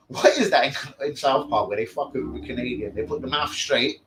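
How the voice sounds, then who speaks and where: A man hosting a fan channel's live stream trash-talks in a brash, profane way. His mid-range voice is fairly bright and moderately paced. The recording is rough, with faint background noise.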